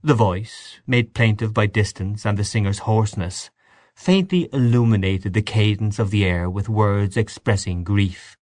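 A man giving a measured, expressive audiobook narration of a story. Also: lowish voice, no room sound, studio quality. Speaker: audiobook reader. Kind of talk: scripted narration.

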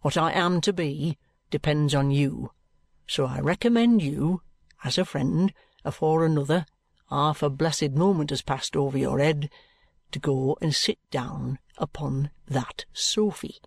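Male reader as a calm, patronising detective: deliberate and firm, fairly high voice, dry recording. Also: gravelly, slightly rough, no echo, exaggerated voice. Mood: cool. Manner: cool, deliberate and coaxing.

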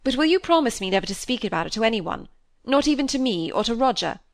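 A woman reading the part of an anxious young gentleman who talks in a brusque, insistent way. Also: on the high side, sing-song, fast talker, no echo, studio quality. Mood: curt.

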